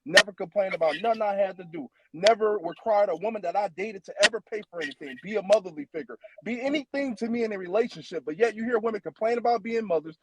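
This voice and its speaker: A man's voice: high voice, quick pace, few pauses, over a noisy crowd, low-quality recording. A man on a livestream panel speaking bluntly and defensively, with plenty of "you know" fillers.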